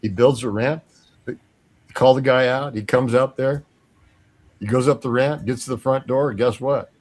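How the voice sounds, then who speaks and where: A man's voice: medium pitch, moderate pace, slight background noise. A man telling a long story on a talk show, acting out the voices of the people he quotes. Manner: animated, acts out quoted voices. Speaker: guest.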